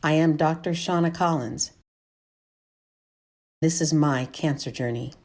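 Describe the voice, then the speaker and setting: A woman with a notably low voice talks in a measured, matter-of-fact way. She narrates her own story and chats candidly, with the odd throat-clear. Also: darkish tone. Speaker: vlogger sharing her illness journey. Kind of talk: personal narration and candid conversation.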